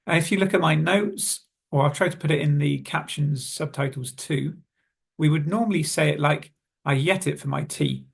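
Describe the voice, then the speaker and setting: A British man teaching English pronunciation, calmly explaining and saying example phrases slowly and clearly. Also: a little high. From Britain. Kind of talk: online lesson, reading notes and modelling phrases.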